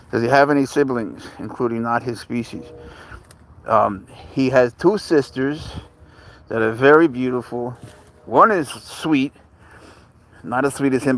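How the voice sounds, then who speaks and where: An easygoing man on a phone livestream outdoors, talking in a loose, rambling way as he answers viewers. His voice sits at an ordinary middle pitch. Faint outdoor ambience hums behind him. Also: slight background noise. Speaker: livestream host walking his cat. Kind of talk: casual livestream chat. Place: outdoors in a park.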